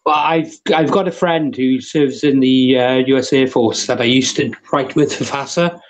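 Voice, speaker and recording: A man running a tabletop game as game master, chatting with his players and often pausing with "uh" and restarting his sentences. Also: medium pitch, poor audio.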